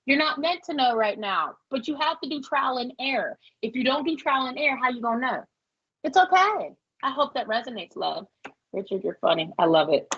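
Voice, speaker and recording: A woman's voice: expressive, fairly quick, fairly bright tone, slightly rough. A woman from Pennsylvania giving a folksy, reassuring live tarot reading, calling listeners honey and love. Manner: folksy, reassuring, laughs often. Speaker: psychic reader. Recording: muffled low-fi audio.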